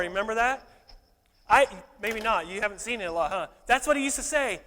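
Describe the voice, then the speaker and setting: A man's voice: sits high, a little fast, bright, forceful tone. A male pastor preaching a sermon in a church, playful and joking one moment, fervent the next. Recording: echoey hall reverb.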